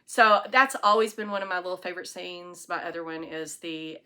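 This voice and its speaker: This knitting podcaster has a lowish voice that comes out fairly quick, pushed and bright. She rambles casually and pokes fun at herself while filming alone at home on an iPad set on a tripod.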